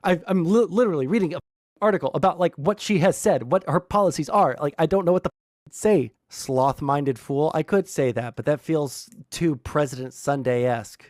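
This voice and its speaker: A young livestream political commentator reads his chat and argues with it in a casual rant, exasperated and rambling, with many fillers and restarts. His fairly high, slightly mellow voice has lively intonation and a brisk pace, recorded clean in the studio with no room sound.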